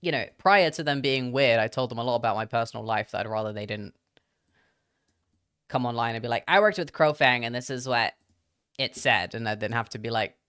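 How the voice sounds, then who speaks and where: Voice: medium pitch, fairly quick, a bit bright, smooth. A streamer from Britain with a British accent that drifts toward whoever they talk to, chatting casually to a live audience in a rambling way full of asides.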